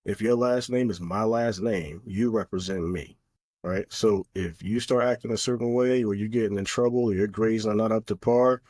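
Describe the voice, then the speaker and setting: Earnest man with a low voice. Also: moderate pace, a little mellow. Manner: earnest, opinionated, many fillers. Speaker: podcast co-host. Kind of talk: casual chat.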